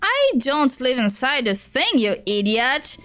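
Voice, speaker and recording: A woman reads a comic aloud in a lively, high voice, unhurried and dry with a teasing edge. Faint music runs behind her. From Brazil. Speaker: streamer. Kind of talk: reading a web comic aloud.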